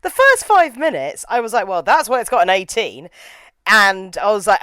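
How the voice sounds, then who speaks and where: A young woman reviewing a horror film in casual chat, animated and opinionated with quick asides. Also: mid-range voice, no room sound. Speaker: film reviewer, podcast co-host.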